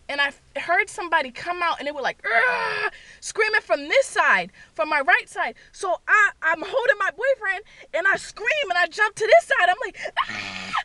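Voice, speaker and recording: A woman vlogger telling a story from her car, loud and full of swearing, acting out her own screams. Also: very high voice, no room sound. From Boston area, USA. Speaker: beauty vlogger. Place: parked car.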